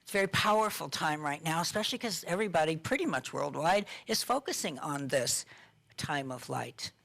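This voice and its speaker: A middle-aged woman minister speaks in a loose, conversational sermon style with a somewhat low voice. She poses questions to her listeners and breaks into light laughs as she talks. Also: lively intonation, quick pace, gravelly, a bit bright. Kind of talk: informal sermon talk.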